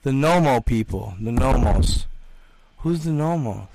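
A man's voice: mid-range voice, expressive, a little slow, gravelly, a little mellow, no room sound. A young man hosting a livestream, chatting and reading out comments in an emphatic, slangy way, repeating himself often. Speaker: livestream host.

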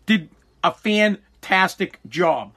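A middle-aged man hosting a podcast, delivering an animated, mock-pompous comedic rant full of swearing. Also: sits high, slow pace. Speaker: podcast host.

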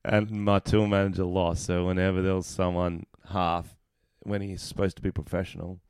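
A man's voice: low-pitched, little pitch movement, normal speed, darkish tone, clear, resonant tone, no echo, studio quality. A man co-hosting a podcast, telling stories in casual chat and laughing often. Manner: laughs often, tells stories with quoted voices. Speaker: podcast co-host.

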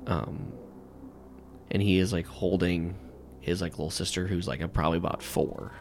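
A man's voice: low voice, steady tone, normal speed, a little hiss or hum. A man narrating a tabletop game as game master, rambling and filling with "like" and "um.". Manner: rambling, full of "like" and "um".

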